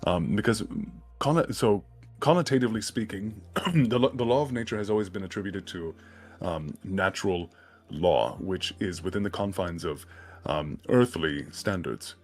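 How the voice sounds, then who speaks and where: A man's voice: deep voice, expressive, normal speed. A man chatting casually on a livestream, musing in a rambling, thoughtful way about a book's ideas. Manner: rambling, thoughtful, often laughing. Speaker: co-host discussing a book. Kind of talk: casual livestream chat and commentary.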